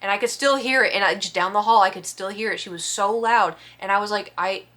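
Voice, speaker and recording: A woman vlogger telling a story in casual chat, expressive and acting out the quotes. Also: mid-range voice, brisk. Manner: chatty, expressive storyteller who acts out quotes.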